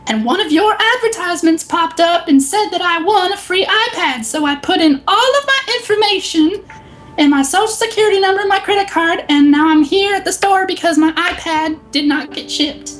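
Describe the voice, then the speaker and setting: A woman's voice: lively intonation, normal speed, fairly bright tone. A woman putting on the voice of an indignant elderly woman who demands a prize she believes she won. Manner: shrill, outraged squawk.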